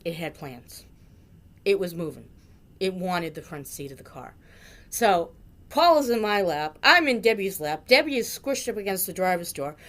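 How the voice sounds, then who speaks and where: Bright-voiced woman telling a funny story. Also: fairly low pitch, moderate pace. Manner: animated, dramatic storyteller, jokey exaggeration. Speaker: friend sharing a memory. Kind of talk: storytelling tribute.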